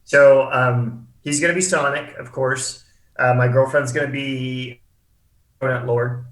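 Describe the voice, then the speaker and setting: A man chatting as a podcast guest over a video call, halting and easygoing, often restarting his sentences. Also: mid-range voice, fairly even intonation, a bit bright, roomy sound. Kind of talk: casual chat.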